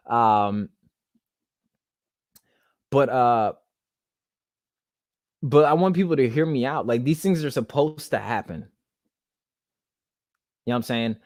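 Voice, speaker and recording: Young guy w/ rambling on his podcast, kinda emotional, dry close sound, mid pitch. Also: animated, slow pace, pauses often, a little mellow, no room sound. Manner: rambling, many restarts and fillers; emotional, holding back tears. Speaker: podcast host. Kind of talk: casual monologue.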